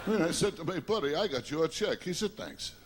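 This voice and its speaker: A man from Long Island doing a stand-up routine, complaining about himself in quick self-deprecating one-liners. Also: fairly high pitch, lively intonation. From Long Island, New York. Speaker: stand-up comedian. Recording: noisy live recording.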